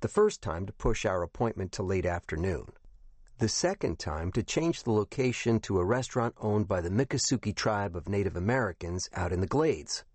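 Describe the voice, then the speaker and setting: A man narrating a first-person audiobook in a measured, even way. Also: fairly low pitch, no echo.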